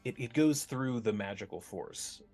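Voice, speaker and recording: A man's voice: mid-range voice, animated, normal speed, darkish tone, faint music behind. A man narrating as game master for a tabletop game, rambling with many restarts. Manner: rambling, filler-heavy narration.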